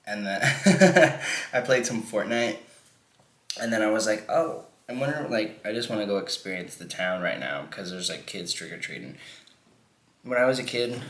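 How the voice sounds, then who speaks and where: A man's voice: fairly low pitch, expressive, moderate pace, fairly bright tone, roomy sound. A man in his twenties chatting casually while eating noodles for a mukbang, rambling and joking with some swearing. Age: 20s. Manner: rambling, playful, swears freely. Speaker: mukbang vlogger.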